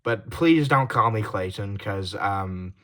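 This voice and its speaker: A young man talking straight to his audience in a confessional vlog. He swings between heated swearing and quiet, apologetic trailing off, with stumbling restarts. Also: lowish voice, slow. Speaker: YouTuber.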